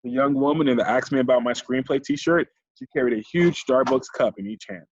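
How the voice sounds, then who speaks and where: A man narrating an audiobook in a steady storytelling way. His voice is husky and mid-pitched, and the dry recording sounds dull. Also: fairly quick, dry recording. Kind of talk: audiobook reading.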